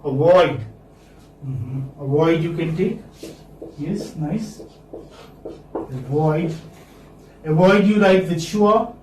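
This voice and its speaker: A man with a high voice teaches English sounds to a class, drawing each word out slowly and saying it again and again. He stands some way from the mic in an echoey classroom, with a faint hiss behind him. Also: darkish tone, far from the mic. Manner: slow, repeats words for students to copy. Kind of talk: classroom lecture.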